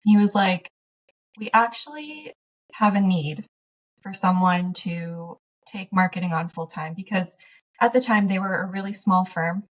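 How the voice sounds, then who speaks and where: Woman, podcast guest, animated storyteller, laughs a lot, mid pitch, a bit far from the mic. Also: measured pace. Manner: animated storyteller, laughs often, acts out past conversations. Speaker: podcast guest, small business owner. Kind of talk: casual conversational interview. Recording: slightly distant from the mic.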